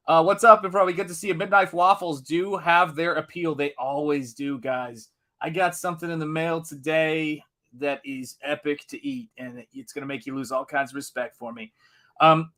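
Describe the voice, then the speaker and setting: A man's voice: fairly high pitch, pushed and bright. A man hosting a live art stream in a casual, upbeat way, greeting chat viewers one by one. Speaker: livestream host.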